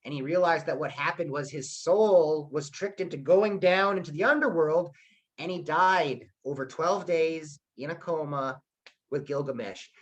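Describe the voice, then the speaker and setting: A male history teacher retelling a myth in a playful, animated online class. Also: a little high, normal speed, highs cut off.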